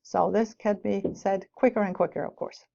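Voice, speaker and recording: Mellow-voiced woman giving a lecture. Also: mid-range voice, steady tone, moderate pace, creaky. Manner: explanatory, with light asides. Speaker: teacher educator. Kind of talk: lecture on teaching English with rhymes. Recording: dull lo-fi recording.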